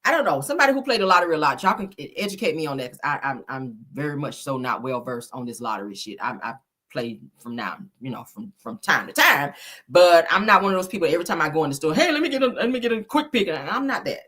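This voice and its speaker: Sassy lady hosting a chat, reads comments, swears, husky and really animated. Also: deep voice, fast talker. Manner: sassy, dramatic, swears a lot, calls viewers baby and child. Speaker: host. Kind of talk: casual chat, reading live comments.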